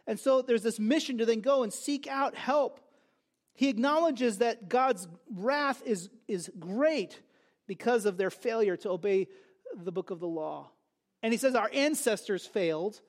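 Bible teacher, man, higher voice, chatty and lively, talks through verses conversationally. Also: measured pace. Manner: conversational, animated, asks and answers his own questions.

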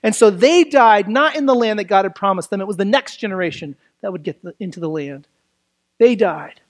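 A preacher giving a sermon that explains a Bible passage in a conversational way, asking rhetorical questions and swinging between emphatic lines and quiet, dropped phrases. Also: mid-range voice, expressive, fairly quick.

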